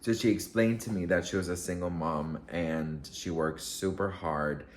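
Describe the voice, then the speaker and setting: Man, low-pitched, chatty vlogger, emotional, gushing, lots of fillers. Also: fairly even intonation, normal speed, a little hiss or hum. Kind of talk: casual storytelling to camera.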